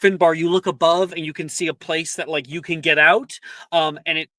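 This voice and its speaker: Chatty game master with a bright voice. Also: medium pitch, fairly even intonation, a little fast, no room sound. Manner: loose, chatty narration with many fillers. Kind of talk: narrating a tabletop game.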